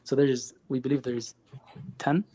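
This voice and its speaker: Husky man arguing in halting bursts. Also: mid-range voice, fairly even intonation, warm tone. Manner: halting, repeats words, insists on being heard. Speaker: caller. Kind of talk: call-in debate.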